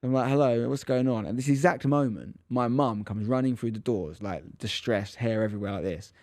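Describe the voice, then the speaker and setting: A man's voice: lowish voice, brisk, darkish tone, no room sound, studio quality. A man in his thirties, a podcast co-host, telling a story in casual chat and acting out the quotes with animation.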